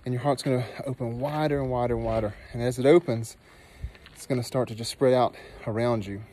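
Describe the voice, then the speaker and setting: Outdoors in a dry canyon, a male nurse who also teaches meditation shares a personal story with earnest animation, then grows soft and slow as he leads a meditation. His voice sits in the mid range, and the recording is rough.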